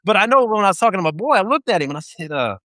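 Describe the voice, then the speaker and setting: A man's voice: high voice, sing-song, racing, pushed and bright, dry recording, clean studio sound. A man telling rowdy stories in casual live-video chat, laughing often and swearing freely. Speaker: military veteran guest.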